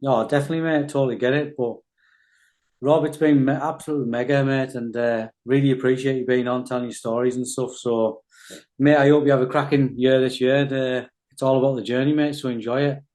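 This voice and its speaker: Quick-talking man host, sounding distant. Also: mid-range voice, fairly even intonation, darkish tone. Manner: friendly, says mate a lot. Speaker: podcast host. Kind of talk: casual chat.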